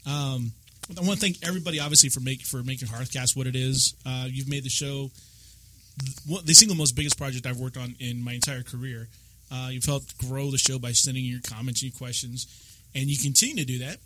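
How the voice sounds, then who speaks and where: A man's voice: medium pitch, fairly even intonation, fairly quick, bright, forceful tone, slight background noise, rough recording. A man hosting a podcast, chatting casually with guests and laughing often. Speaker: podcast host. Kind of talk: casual chat.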